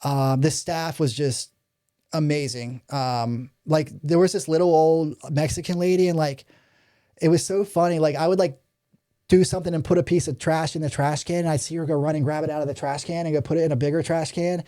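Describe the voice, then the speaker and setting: A man's voice: a little high, fairly even intonation, brisk, dark tone. A man in his thirties telling his story as a podcast guest, rambling with many fillers and swearing, acting out the people he quotes. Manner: rambling, many ums, profanity, acts out quoted voices. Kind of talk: candid storytelling interview.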